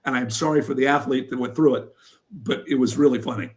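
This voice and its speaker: An older man from Pennsylvania, a former wrestler and coach, telling stories in an interview with lively energy. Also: mid-range voice, fast. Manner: animated storyteller who acts out what others said. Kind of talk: storytelling in an interview.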